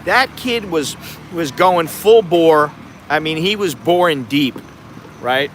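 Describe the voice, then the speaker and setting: An American man vlogging at an outdoor night market, telling a rambling story with chuckles and growing animated. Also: fairly high pitch, takes it slowly. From United States. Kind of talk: casual storytelling vlog. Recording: faint outdoor street noise. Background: traffic and street noise.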